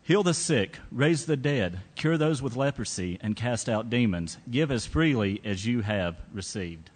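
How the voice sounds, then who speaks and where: Man as calm, commanding teacher, measured lines, mid pitch, long hall reverb. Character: calm authoritative male teacher sending out followers.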